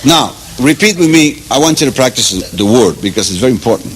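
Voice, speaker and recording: A man's voice: mid-range voice, lively intonation. Playful man with a Cuban accent, teaching. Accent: Cuban Spanish. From Cuba. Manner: playful, chuckling, slow drilled repetitions. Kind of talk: comic mock language lesson. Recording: loud background noise.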